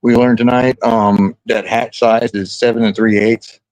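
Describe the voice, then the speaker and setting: A man's voice: fairly low pitch, level tone, measured pace, a little mellow, no room sound, rough recording. A man streaming casually, telling rambling, crude jokes and stories with lots of restarts. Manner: rambling, crude joking banter with frequent restarts. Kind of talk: casual chat.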